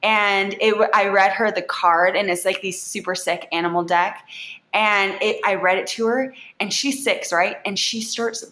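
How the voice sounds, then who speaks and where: A woman in her thirties, a yoga instructor, talking candidly and warmly as a podcast guest, with lots of "like". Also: medium pitch, fairly even intonation, normal speed, reverberant. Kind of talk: casual podcast interview.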